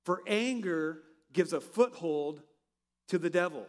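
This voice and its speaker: High-voiced preacher in a reverberant hall. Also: male voice, animated, unhurried. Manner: preaches with rhetorical questions, swings from loud to quiet. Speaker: pastor. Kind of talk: sermon.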